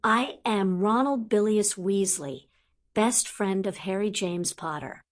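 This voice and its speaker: A woman's voice: mid-range voice, slow pace, lightly acted. A woman voicing a rude, brash teenage boy wizard in a fan audiobook. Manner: blunt, mouthy.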